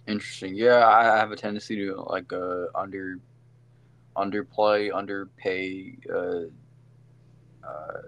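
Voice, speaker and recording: A man's voice: low voice, fairly even intonation, slow, fairly bright tone. A man co-hosting a casual sports podcast, rambling through game recaps with lots of fillers and self-corrections. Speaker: podcast co-host.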